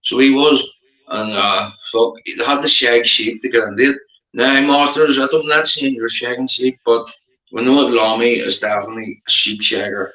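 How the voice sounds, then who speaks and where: A man's voice: mid-range voice, steady tone, normal speed, bright, forceful tone. A man with a Belfast accent chatting casually on a live stream, rambling, swearing and laughing often. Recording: roomy, dull lo-fi sound.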